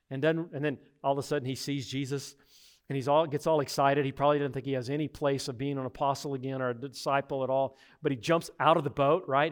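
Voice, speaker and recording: A man preaching a sermon, retelling stories with acted-out voices and swinging from loud to hushed. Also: medium pitch. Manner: animated storytelling with acted-out voices. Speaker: pastor.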